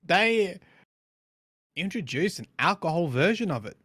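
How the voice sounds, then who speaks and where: An Australian man with a fairly high, bright voice co-hosts a laid-back podcast chat. His delivery rambles and swears freely, with a self-mocking edge. His pitch jumps about as he talks, and the sound is close and dry. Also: sing-song, a little slow, no room sound. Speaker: podcast co-host. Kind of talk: casual chat.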